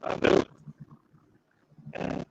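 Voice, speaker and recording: A man on a casual voice call, slow and slangy, his voice coming through distorted and robotic. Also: noisy background. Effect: robotic distorted call audio. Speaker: guest caller. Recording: muffled robotic lo-fi call audio.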